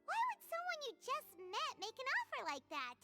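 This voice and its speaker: A woman voicing a tiny, chatty female fairy companion in a video game, squeaky and excitable. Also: normal speed, loud music behind the voice, exaggerated voice. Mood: suspicious.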